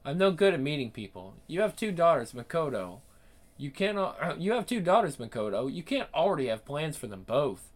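An actor playing a manipulative man who speaks calmly and quietly threatens. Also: a little high, a little fast. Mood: creepy. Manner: calm, insinuating, quietly threatening. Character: creepy manipulative middle-aged male business contact. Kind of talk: dramatic acting.

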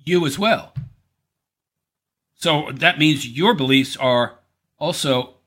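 A man's voice: slow, fairly bright tone. A man giving mocking live commentary on a debate, sarcastic and heckling, laughing often as he talks. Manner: sarcastic, heckling, mocking, swinging wildly between high and low; laughs often while talking.

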